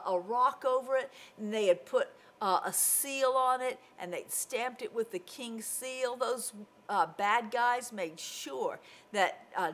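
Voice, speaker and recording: A woman with a mid-range voice teaches children a Bible lesson, telling the story in an animated way and acting out the voices.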